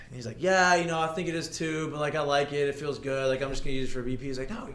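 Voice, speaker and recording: A man's voice: medium pitch, quick pace, hardly any pauses, fairly bright tone. A man hosting a podcast, telling a story in a casual, rambling way full of fillers. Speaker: podcast host. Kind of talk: casual chat. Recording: echoey room with faint noise.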